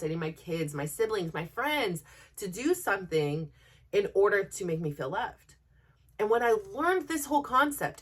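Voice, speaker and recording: High-voiced woman, earnest self-help talk. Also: distant mic. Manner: earnest, open and personal, speaking directly to listeners. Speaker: podcast host. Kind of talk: candid motivational monologue.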